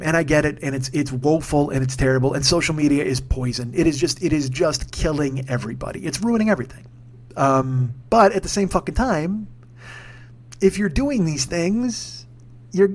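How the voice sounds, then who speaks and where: A man delivering a casual, profane, ranting monologue full of restarts, recorded at home. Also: fairly high pitch. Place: home room with armchair.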